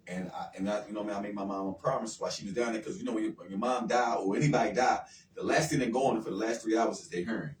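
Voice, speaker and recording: A man telling a personal story in a quick, earnest, emotional way, often repeating himself. He sits a little away from the microphone in a roomy space with faint noise behind him. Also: on the low side. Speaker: guest. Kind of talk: casual radio talk. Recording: roomy sound from far off the mic with faint noise.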